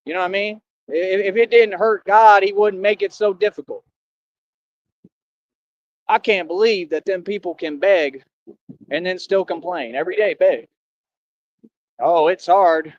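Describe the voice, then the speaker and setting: A defiant man rants on a livestream. He preaches and scolds, swinging from shouts to low brooding. The audio is dry and dull, with a lo-fi stream sound. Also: moderate pace, pauses often, dry recording. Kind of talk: impassioned streamed rant.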